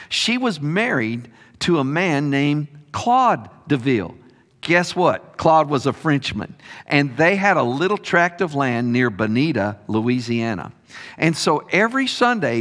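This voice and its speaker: Animated preacher telling a story in a reverberant hall. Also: male voice, fairly high pitch. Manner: animated storytelling, drops softly on key words. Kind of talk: sermon storytelling.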